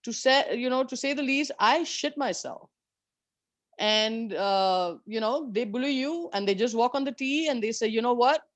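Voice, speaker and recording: A woman golfer telling stories of her years on tour in an interview, animated and candid, swearing freely. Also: a little high, moderate pace, no room sound. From India. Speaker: professional golfer guest. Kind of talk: storytelling in an interview.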